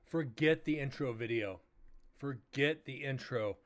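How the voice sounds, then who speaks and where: A man's voice: mid-range voice, unhurried. Tired man, livestream host, rambling, swearing, lots of uh's. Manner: rambling, swears, retells arguments with filler words. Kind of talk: casual chat to stream viewers.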